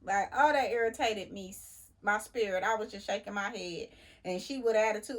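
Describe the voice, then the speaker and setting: A woman, a truck driver, telling a story in a casual, animated and indignant way. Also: medium pitch, moderate pace. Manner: animated, indignant retelling with laughs.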